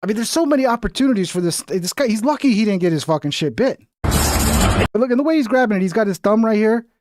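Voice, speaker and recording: A man's voice: high-pitched, animated, fast, very noisy. A man streaming a reaction to a video, talking casually with a profane, exasperated and rambling manner.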